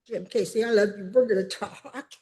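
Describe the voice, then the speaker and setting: A woman in her seventies speaking at a city council meeting, emphatic and upset, pausing as she tries to hold herself together. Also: mid-range voice, mellow. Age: 70s. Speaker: public commenter. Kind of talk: public comment at a council meeting.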